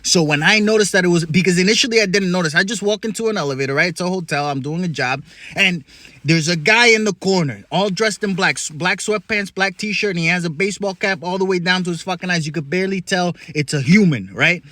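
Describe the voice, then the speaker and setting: A young male comedian tells a story with excitable energy, swearing freely and tossing in quick asides. His voice sits a little high, and the recording is close and dry. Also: dry recording. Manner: excitable, profane, rapid asides. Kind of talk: comic storytelling.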